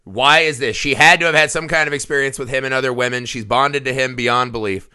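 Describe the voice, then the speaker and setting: Bright-voiced joking man. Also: medium pitch, steady tone, brisk, clean tone. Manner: joking, swearing, laughs often. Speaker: podcast co-host. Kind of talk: casual movie chat.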